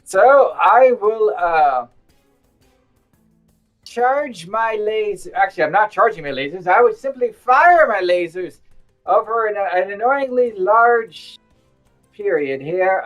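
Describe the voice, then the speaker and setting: A woman's voice: medium pitch, animated, takes it slowly, long pauses, soft background music. A woman playing a tabletop game, chatty and wry. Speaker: player.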